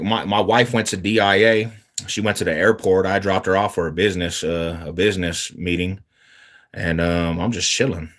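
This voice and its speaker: A man from Denver on a casual livestream, reading viewer comments aloud and answering them in relaxed, slangy talk. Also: sits low. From Denver, Colorado.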